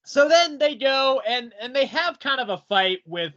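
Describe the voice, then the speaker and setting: On a lo-fi recording, a man with a very high-pitched voice speaks unhurriedly while co-hosting a podcast about comics. His casual chat is full of animated, sweary rants where he acts out quotes.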